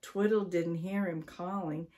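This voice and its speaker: An older woman from Maine reads a children's story aloud. She takes it slowly and deliberately, pausing between phrases. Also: fairly low pitch, fairly even intonation, dark tone. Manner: slow, deliberate reading.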